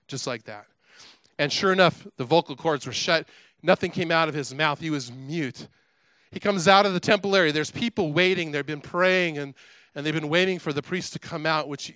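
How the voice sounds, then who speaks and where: Animated middle-aged preacher, bright voice. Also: male voice, a little high, clear, resonant tone, dry recording. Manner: animated storytelling with chatty asides. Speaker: pastor. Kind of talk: sermon.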